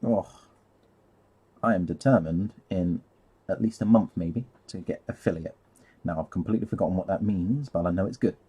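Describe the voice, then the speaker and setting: A man's voice: low-pitched, normal speed, warm tone, husky, muffled recording. A man rambling casually on a live stream while painting, easily sidetracked and laughing at himself.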